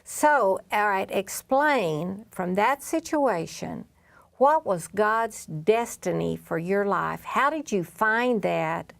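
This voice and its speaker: A woman's voice: mid-range voice, expressive, vocal fry. A woman hosting an interview, reflecting encouragingly and asking follow-up questions. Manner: encouraging, reflective, quick affirmations. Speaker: interview host. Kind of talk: conversational interview.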